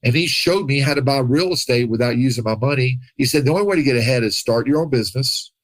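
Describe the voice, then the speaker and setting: A man with a mid-range voice tells his own story as a podcast guest. He is animated, drops into voices for the people he quotes, and laughs easily. The room sound is dry and close. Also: medium pitch, quick pace, dry recording, low-quality recording. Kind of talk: casual storytelling.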